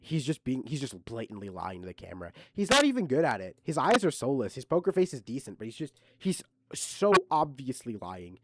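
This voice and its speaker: A man's voice: mid-range voice, wildly swooping pitch, brisk, hardly any pauses, poor audio. A man streaming, giving casual reaction commentary in heated, mocking, profane rants.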